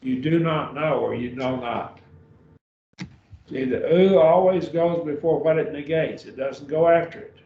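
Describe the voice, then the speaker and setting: Slow, patient man teaching Greek. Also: a little high. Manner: patient, slow, checks understanding often. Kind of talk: classroom lesson. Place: church classroom. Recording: dull roomy sound from far off.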